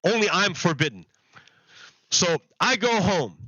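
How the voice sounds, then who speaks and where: A man with a high, bright voice tells a story to his stream viewers, rambling and circling back over the same points. The mic sounds close and dry, with a slightly dull, lo-fi edge. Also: big pitch swings, measured pace, no room sound. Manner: rambling, repeats himself, laughs at the absurdity. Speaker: livestreamer.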